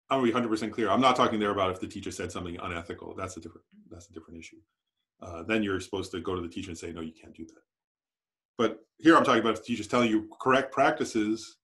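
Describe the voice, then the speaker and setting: A man with a fairly low, fairly bright voice teaches a Buddhist dharma class at a meditation center. His style is conversational, and he often checks in with "right?"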